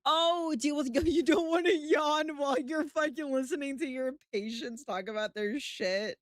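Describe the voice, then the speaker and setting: A woman's voice: high voice, moderate pace, no echo, studio quality. A sleepy woman streaming from home, chatting casually, swearing freely and laughing often. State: sleepy, yawning. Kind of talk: casual chat.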